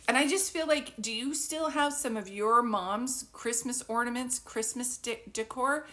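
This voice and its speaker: A woman's voice: fairly high pitch, a little slow, a bit bright. A woman working as a psychic medium, giving a live spirit reading in a chatty, informal way and laughing often.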